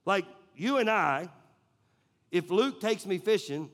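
A man's voice: sits high, expressive, unhurried, a bit bright. A man preaching a sermon in a casual, conversational way, telling stories with lots of filler words. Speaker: pastor.

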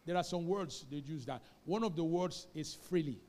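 A pastor delivers a sermon with emphasis, prompting the congregation to echo his words, his voice a little high and darkish at a moderate pace. The church hall setting gives the recording strong reverb.

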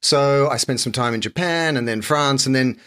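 A man's voice: medium pitch, normal speed, sharp tone. An Australian man in his fifties, a company founder, talking as a guest in a casual interview. He speaks fluently and upbeat, with easygoing slang.

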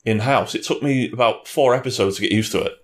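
A man co-hosting a casual film review chat, talking in a lively, sarcastic and jokey way. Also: lowish voice, fast.

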